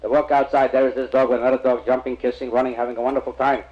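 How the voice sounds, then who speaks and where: A man telling jokes on stage in a brisk, punchline-driven storytelling manner. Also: medium pitch, level tone, dull audio. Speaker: stand-up comedian. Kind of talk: rapid-fire joke telling.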